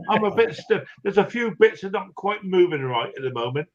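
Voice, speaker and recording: A man's voice: sits high, animated, fairly quick. A man with a slightly raised voice hosts a casual live stream, greeting viewers one by one in a rambling, chummy way. He trips over names as he goes. The audio is dull and lo-fi. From Britain. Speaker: livestream host.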